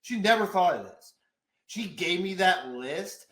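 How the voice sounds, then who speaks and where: A man co-hosting a casual fitness podcast, an animated storyteller who swears and laughs a lot. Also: sits high, measured pace, reverberant. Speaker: podcast co-host and fitness trainer.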